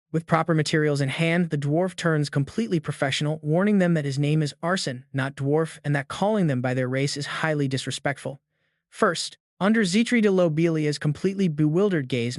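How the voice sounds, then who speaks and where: A man narrating a fantasy comic recap in an even, steady scripted reading. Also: a little high, fairly quick, no room sound, clean studio sound.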